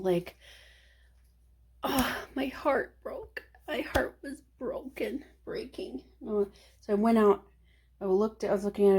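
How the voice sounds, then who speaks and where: A woman's voice: medium pitch, mellow. A woman chatting casually to the camera from home, rambling between topics and sometimes dropping to a whisper. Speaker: vlogger. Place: at home, working from home.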